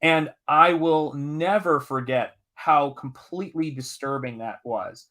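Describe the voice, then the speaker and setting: A man from the American South hosts a live stream, reading chat comments and launching into an animated personal story. His voice sits a touch higher than most men's, and he talks in an emphatic, restless way, swearing when a point gets to him. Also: a little slow. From Southern United States, Tennessee. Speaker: live-stream host and comic artist.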